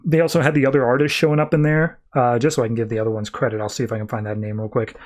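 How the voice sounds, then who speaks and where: A man's voice: mid-range voice, fairly even intonation, rapid-fire. A male podcast host casually recapping a comic book, rambling as he tells the story and acts out the characters' lines. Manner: rambling storytelling, acting out quotes.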